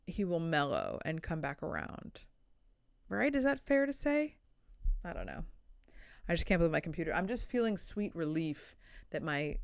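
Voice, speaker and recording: Rambling woman comedian with a smooth, dry voice. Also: medium pitch, no echo. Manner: rambling, blunt, self-deprecating. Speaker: podcast host, comedian. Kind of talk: casual solo comedy podcast. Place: indoors, sitting on the floor.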